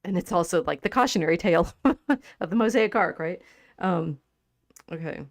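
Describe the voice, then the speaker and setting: A woman's voice: fairly low pitch, normal speed, pauses often, no echo, clean studio sound. Chatty, laughing woman host. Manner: animated and chatty, laughs often, trails off mid-sentence. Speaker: podcast co-host. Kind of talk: casual livestream chat about poetry.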